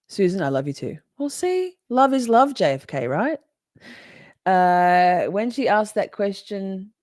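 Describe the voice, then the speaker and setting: A woman's voice: deep voice, darkish tone, no echo, clean studio sound. A woman hosting a casual live stream, reading viewers' comments aloud, swearing freely and laughing often. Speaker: livestream host reading chat.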